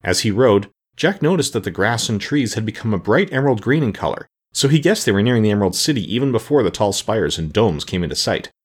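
A man reading a children's fantasy story aloud as an audiobook narrator, with expressive storytelling. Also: lowish voice, fast talker, few pauses, slightly rough.

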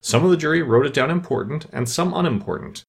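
A man narrating a storybook with expressive storytelling. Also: a little high, fast, gravelly, slightly rough. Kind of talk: audiobook narration.

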